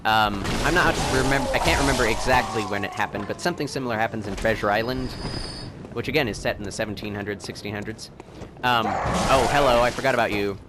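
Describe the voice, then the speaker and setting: A man hosting a video game playthrough, rambling and excitable, and laughing often as he plays. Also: on the low side, a little fast, over loud music. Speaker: let's play host. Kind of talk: gameplay commentary.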